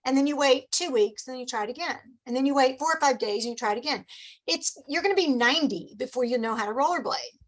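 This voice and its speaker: A middle-aged woman, coaching her sales team in a lively, upbeat meeting talk and acting out little customer exchanges. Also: sits high, fast talker, poor audio.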